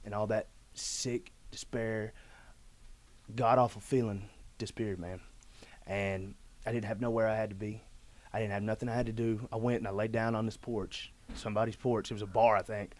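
A man telling a personal story in casual, rough-spoken talk, often saying "man" and "dude". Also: on the low side, steady tone, normal speed, a little mellow. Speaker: guest telling his story.

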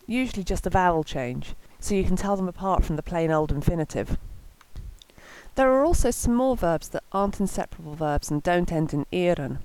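A woman reading a scripted language lesson in a clear, measured way, slowing down to pronounce example words. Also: on the low side, a little mellow, low-quality recording. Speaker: language teacher.

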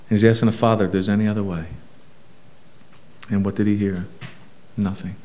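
A man's voice: a little high, darkish tone. A man preaching a sermon as a pastor, emphatic and full of rhetorical questions.

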